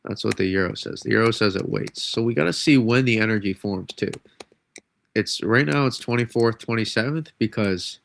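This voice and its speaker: A man's voice: on the low side, moderate pace, creaky, slight background noise. A man forecasting weather on a live stream, rambling and restarting his sentences, stuffy and under the weather with a cold. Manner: rambling, self-correcting, casual. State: congested from a cold.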